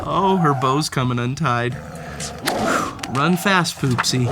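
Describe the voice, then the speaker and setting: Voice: medium pitch, animated, a little slow, very noisy. A storybook read-aloud host narrating a children's story with playful, theatrical flair and speaking directly to the story's cat.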